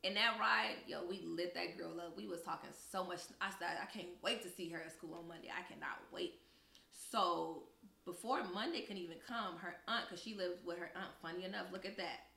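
Young woman, podcast co-host, lively storyteller, bright voice with some fry, echoey room. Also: on the low side, fairly quick. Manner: animated storyteller, acts out quoted voices. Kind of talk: casual storytelling chat.

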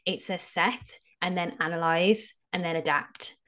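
A woman with an Australian accent talks through her field as a podcast guest, in a casual, frank way. Her voice sits a little low. She explains with plenty of filler words. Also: fairly even intonation, a little slow, bright, forceful tone. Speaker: SEO strategist guest.

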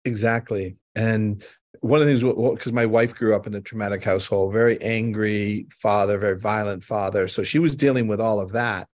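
A man's voice: lowish voice, steady tone, brisk, a little mellow, no room sound. Earnest man host, dry close voice. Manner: earnest, explanatory, tells personal stories. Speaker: podcast host. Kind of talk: conversational storytelling.

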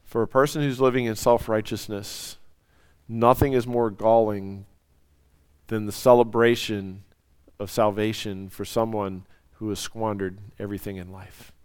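A man preaching a sermon, swinging from loud, soaring lines down to near whispers. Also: on the low side, smooth, no echo. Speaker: pastor.

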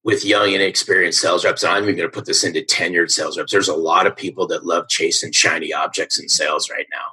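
A man's voice: low-pitched, steady tone, quick pace, hardly any pauses, pushed and bright, husky, low-quality recording. A middle-aged man, a sales coach guest on a podcast, telling stories with energy and emphasis and often asking "right?". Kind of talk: podcast interview storytelling.

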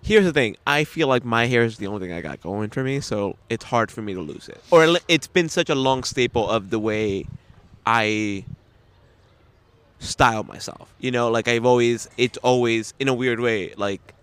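Smooth-voiced man chatting casually. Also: medium pitch, expressive, moderate pace, fairly bright tone, no echo. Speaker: podcast co-host. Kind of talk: casual chat. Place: New York City.

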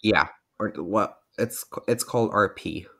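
Very deep-voiced man. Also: unhurried, a bit bright. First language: German. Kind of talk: casual chat.

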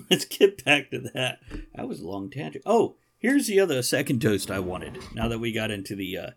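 A man's voice: mid-range voice, sing-song, moderate pace, slight background noise. A man co-hosting a casual chat show, joking and laughing often. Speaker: co-host.

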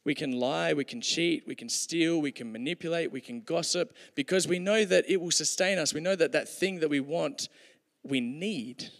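Man, preaching a sermon, gravelly voice, long hall reverb. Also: a little high, normal speed. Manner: conversational, joking asides.

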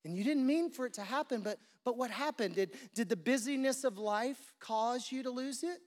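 A man's voice: very high voice, moderate pace, a little mellow, long reverb tail. A man preaching a sermon as pastor, conversational and repeating his questions for emphasis. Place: church.

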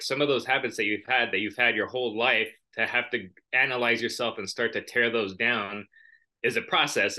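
Bright-voiced man in casual chat. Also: on the low side. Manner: reflective, tells personal stories. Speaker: podcast co-host.

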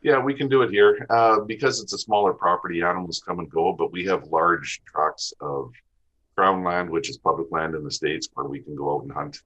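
A man's voice: low-pitched, moderate pace, a bit bright, lo-fi sound. A Canadian man from the west of the country, a podcast guest talking easily about hunting seasons and terrain. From Western Canada. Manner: easygoing, lists places and seasons. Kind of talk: casual podcast interview.

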